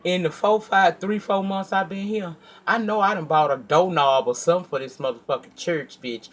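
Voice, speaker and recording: A man telling a personal story in a casual storytime monologue, animated and profane, acting out his own heated outbursts and then dropping to a quiet, earnest tone when he reflects. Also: mid-range voice, normal speed. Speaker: storyteller vlogger.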